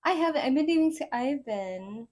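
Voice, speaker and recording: A woman with a Southern accent giving a casual pick-a-card tarot reading, excitable and rambling as she talks to her viewers. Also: high-pitched, normal speed. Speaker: tarot reader.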